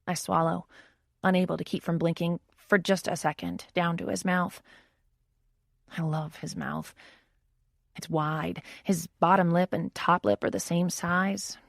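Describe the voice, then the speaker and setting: A woman's voice: lowish voice, fairly even intonation, measured pace, vocal fry, dry recording. A woman reading a first-person audiobook in a wry, intimate inner-monologue manner, close to the mic. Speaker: audiobook narrator.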